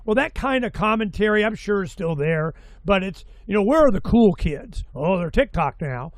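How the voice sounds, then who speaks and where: A man in his sixties hosting an interview, talking in a rambling, excitable way and swearing freely. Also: high voice, moderate pace, no room sound. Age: 60s. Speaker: host. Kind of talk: casual interview chat.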